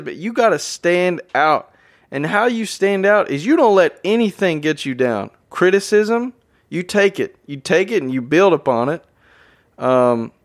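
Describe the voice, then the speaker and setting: A man hosting a motivational podcast, talking energetically and repeating phrases for emphasis while addressing his listeners as guys. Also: sits high. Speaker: podcast host. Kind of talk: motivational monologue.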